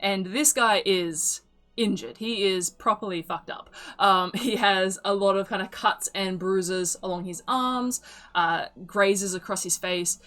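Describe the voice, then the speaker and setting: A woman's voice: medium pitch, a little slow, a bit bright, faint music behind. A woman narrating a tabletop game as game master in a casual, rambling way. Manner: casual, filler-heavy narration.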